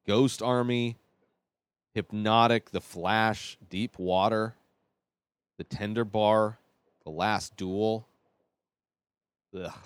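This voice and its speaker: A man hosting his own podcast, giving blunt, rambling opinions in a casual monologue with animated asides. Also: lowish voice, clear, resonant tone, no room sound. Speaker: podcast host.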